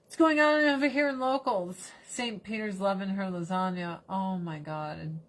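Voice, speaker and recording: A woman hosting a casual livestream chat, animated and fond of swearing, slipping into mocking put-on voices. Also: mid-range voice. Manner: swears casually, talks fast then drags words out. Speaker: livestream host.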